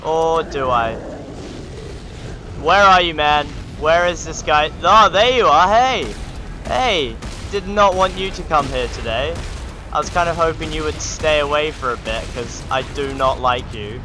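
A man's voice: fairly high pitch, expressive, unhurried, bright, forceful tone, faint music behind. A man hosting a gaming channel, giving joking, sarcastic let's play commentary. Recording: game sound noise behind the voice.

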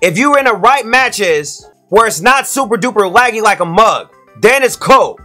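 A man giving excitable, slangy let's-play commentary to his viewers as a YouTube gamer. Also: high voice, moderate pace, faint music behind.

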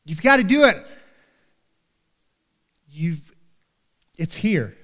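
A man's voice: high-pitched, big pitch swings, extremely slow, pushed and bright, big-room sound. A man preaching a sermon as pastor in a church, talking earnestly and conversationally and often checking in with "right?". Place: church sanctuary.

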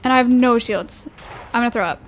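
A woman's voice: a little high, fairly quick, faint music behind. A young woman streaming a shooter game, chatting anxiously to her viewers and repeating herself as she plays. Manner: anxious, repetitive, talking to chat while playing. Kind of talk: live gaming commentary.

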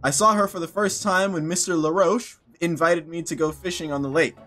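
A cold, sinister gentleman's letter, read out by a man in a game, delivered in a measured way. Faint music sits behind the voice. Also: a little high, steady tone. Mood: ominous.

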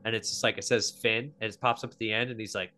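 A man's voice: on the low side, fairly even intonation, quick pace, bright, forceful tone, soft background music. A man hosting a podcast, talking in a rambling, profane, laughing way. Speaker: podcast host. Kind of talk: casual chat.

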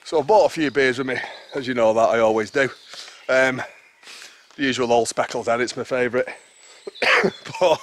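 A man's voice: medium pitch, fairly bright tone, slight background noise. A man vlogging casually outdoors on a rural hillside, out of breath and chatty, breaking off and rambling as he goes. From England. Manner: chatty, rambling, self-interrupting. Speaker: wild camping vlogger.

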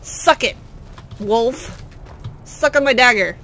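A woman hosting a let's play, giving silly, excitable gameplay commentary and bursting into yells. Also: on the high side, slow pace, slight background noise. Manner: excitable, silly, prone to sudden yelling.

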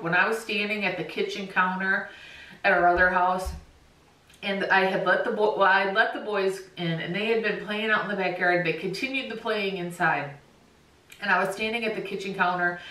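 Bright-voiced middle-aged woman in an echoey room. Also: mid-range voice. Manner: candid, chatty, heartfelt. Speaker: dog-owner vlogger. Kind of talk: casual storytelling to camera. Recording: echoey room, voice a bit far from mic.

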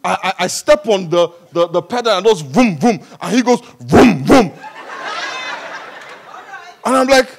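Male pastor with a high voice, lively and humorous preaching that swings between hushed and loud. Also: moderate pace, gravelly, few pauses, slight background noise. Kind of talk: sermon. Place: church service.

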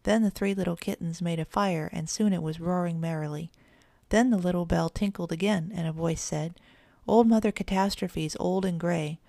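A woman narrating a children's storybook in an even, measured reading. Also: fairly low pitch, gravelly, dry recording, studio quality.

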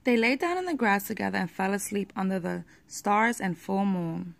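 Gravelly-voiced woman reading a picture book. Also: medium pitch, normal speed. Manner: steady storybook reading with small slips. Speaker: parent reading to a child.

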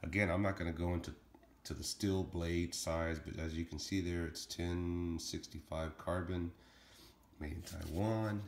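A man's voice: sits low, fairly even intonation, darkish tone. A middle-aged man casually showing and reviewing his throwing knives, rambling with lots of ums. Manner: rambling, many ums, talks fast and plainly. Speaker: knife-throwing hobbyist reviewing his blades. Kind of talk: casual show-and-tell vlog. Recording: echoey room with faint noise.

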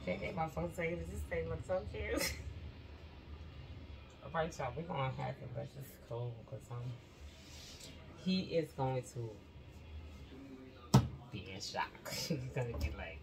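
A woman vlogger chatting casually with viewers while she bakes in her home kitchen, excitable and talking straight to them. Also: low voice, takes it slowly, vocal fry, pauses often, low-quality recording. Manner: chatty, keeps addressing viewers as y'all; excitable, exclaiming. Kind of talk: casual chat while baking.

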